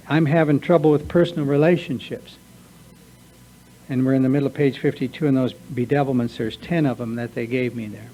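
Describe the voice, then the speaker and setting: Earnest man with a mellow voice. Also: mid-range voice, muffled recording. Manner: earnest, confessional, acts out his own inner voice. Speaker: recovery workshop speaker. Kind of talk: personal talk to a recovery group. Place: meeting room.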